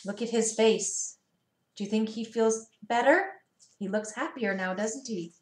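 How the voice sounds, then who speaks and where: Reading storybooks aloud to small children, a preschool teacher uses a soft, sing-song delivery and stops now and then for questions. She speaks at a measured pace, her slightly high female voice ringing in an echoey room.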